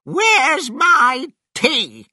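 A man voicing a nasty, bossy old grandmother who shouts her demands in a shrill voice. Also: huge pitch swings, extremely slow, no room sound, studio quality, exaggerated voice. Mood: demanding.

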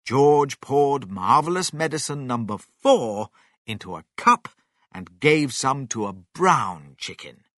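A man reading a children's story aloud with slow, expressive narration. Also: mid-range voice, dry recording, studio quality.

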